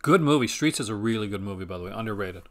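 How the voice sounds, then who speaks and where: A man's voice: lowish voice, fairly even intonation, racing. A man hosting a casual home stream, talking in a rambling, enthusiastic way with frequent restarts and self-corrections. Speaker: host. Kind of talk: casual chat.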